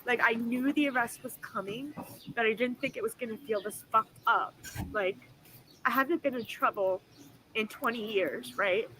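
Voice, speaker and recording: A woman's voice: a little high, normal speed, pushed and bright, slight background noise, poor audio. A woman in her forties, upset and tearful, swearing as she talks into her phone in an emotional vlog after an arrest. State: crying. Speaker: vlogger.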